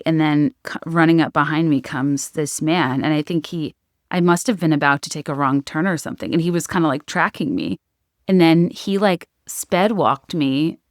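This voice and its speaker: A woman's voice: low-pitched, no echo, studio quality. A woman hosting a podcast, telling a personal travel story in a chatty, rambling way with many fillers and restarts. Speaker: podcast host. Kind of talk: casual solo podcast storytelling.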